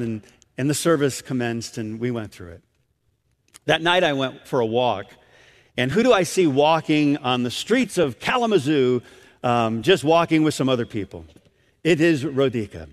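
A man delivers a sermon in a high, lively voice. His delivery is animated and story-driven, with frequent restarts mid-phrase, and his voice carries the long reverb of a large hall. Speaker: preacher.

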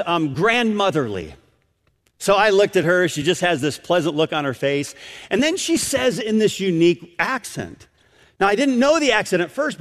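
A man delivers a sermon in a high, lively voice. His delivery is animated and story-driven, with frequent restarts mid-phrase, and his voice carries the long reverb of a large hall. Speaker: preacher.

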